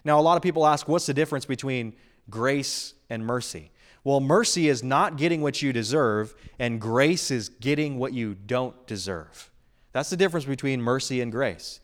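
A man's voice: mid-range voice, moderate pace. A middle-aged man preaching a sermon as a pastor in his church, earnest and building emphasis on key phrases.

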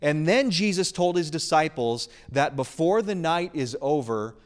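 A man preaching a sermon, earnest and emphatic, swinging between loud stresses and hushed lines. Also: on the high side. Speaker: pastor.

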